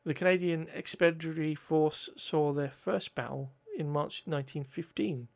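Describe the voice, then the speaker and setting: A man's voice: a little high, moderate pace, vocal fry. A man reading history notes aloud, often stumbling over words, correcting himself and adding joking asides.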